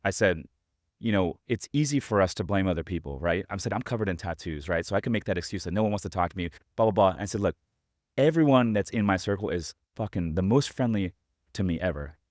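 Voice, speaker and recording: A man with a very deep, low voice hosts a podcast and talks quickly. He rambles through a story with lots of fillers and offhand swearing, in a dry, close recording. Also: dry recording. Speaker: podcast host. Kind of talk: casual interview chat.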